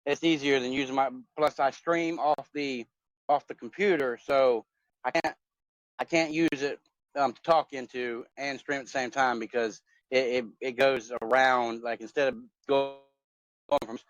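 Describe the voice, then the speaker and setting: A man's voice: medium pitch, steady tone, moderate pace, no room sound. A man in his forties chatting casually over a phone call, rambling with many fillers and restarts. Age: 40s. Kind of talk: casual chat. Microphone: phone on a voice chat app. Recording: dull lo-fi phone audio.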